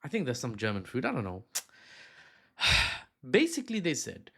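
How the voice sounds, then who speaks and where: A man giving casual news commentary on politics, joking around and breaking off into silly asides and quick apologies. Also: medium pitch, huge pitch swings, gravelly. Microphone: handheld or desk mic.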